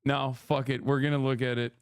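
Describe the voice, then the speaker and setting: A man's voice: medium pitch, flat delivery, fairly quick, clear, resonant tone, dry recording, clean studio sound. A man giving casual livestream commentary, ranting in disbelief with plenty of swearing and laughter. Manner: profane, incredulous ranting with frequent laughs.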